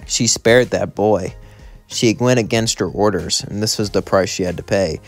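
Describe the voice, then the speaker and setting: A man's voice: on the low side, moderate pace, soft background music. A man narrating a fan story read-aloud, rambling along and chaining events with "as". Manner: rambling, linking lines with "as".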